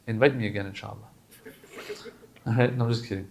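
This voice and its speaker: A man giving a casual, animated sermon to a gathering, joking at times and reciting Arabic supplications quickly before explaining them. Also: lowish voice, gravelly, slight background noise. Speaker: religious lecturer.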